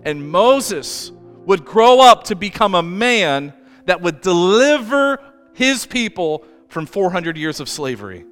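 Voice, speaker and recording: A man's voice: high-pitched, very animated, slow pace, a bit bright. A man preaching a sermon as pastor, telling the story in a conversational way with asides. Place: church. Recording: reverberant church hall with faint music.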